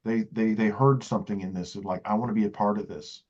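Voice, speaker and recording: A man with a lowish voice hosts an interview, speaking earnestly and enthusiastically. He restarts his phrases as he works toward his point. The audio is dull and lo-fi, like a remote call. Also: fairly even intonation, fast talker, darkish tone. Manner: earnest, enthusiastic, repeats words as he builds a point. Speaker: interview host. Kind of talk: casual interview chat.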